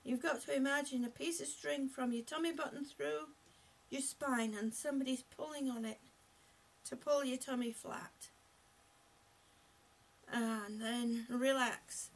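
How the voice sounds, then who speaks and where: Woman fitness instructor, high voice, unhurried, repeats step-by-step coaching cues. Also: steady tone, recorded from a distance. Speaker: exercise instructor. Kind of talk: live-streamed seated exercise class.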